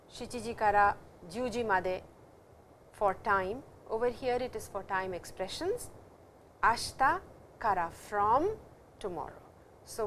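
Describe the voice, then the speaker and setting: A middle-aged woman with an Indian English accent giving a patient, explanatory classroom lecture, repeating terms slowly. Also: fairly high pitch, a bit bright, slight background noise. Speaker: Japanese language teacher.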